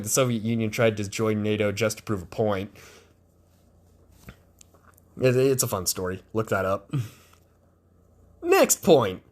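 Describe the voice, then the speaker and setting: A male podcast host giving sarcastic, profane political commentary. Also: on the high side.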